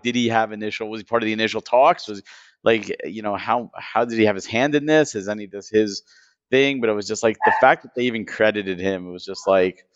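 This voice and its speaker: Male podcast co-host, emotional and chatty; smooth tone, dry, slightly dull recording. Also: lowish voice, dry recording. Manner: enthusiastic, emotional, repeats words. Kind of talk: casual podcast chat.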